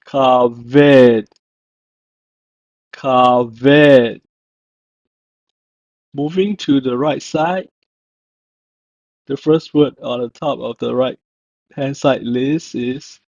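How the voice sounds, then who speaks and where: A man's voice: mid-range voice, darkish tone, no room sound. A man narrating a language lesson, saying each word and then repeating it with stress. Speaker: language teacher. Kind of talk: slow scripted lesson narration. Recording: dull lo-fi voice-over.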